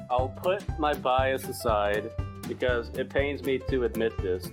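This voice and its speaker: Man, mid-pitch, playful sports podcast host, light music underneath. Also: a little slow. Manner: upbeat, playful, leads segments. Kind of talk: casual sports chat.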